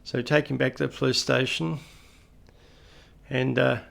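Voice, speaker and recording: A man's voice: medium pitch, little pitch movement, moderate pace, creaky, fairly bright tone. A middle-aged Australian man telling anecdotes in a casual, conversational way with folksy asides. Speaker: retired police officer storyteller.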